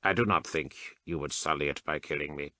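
Man doing a very low, sharp-edged, emotionless machine priest: slow, precise, unhurried. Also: no echo. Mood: cold. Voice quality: mechanized, emotionless. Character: cold mechanical cyborg male adept, calm and unfeeling.

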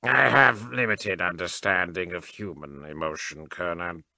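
Regulus, a cold cyborg adept with a very deep yet sharply bright, mechanized voice, as a man puts him on. He speaks slowly and precisely, calm and unfeeling, in a dry, close recording for an audiobook. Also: gravelly, no room sound, full character voice. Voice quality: mechanized, emotionless.

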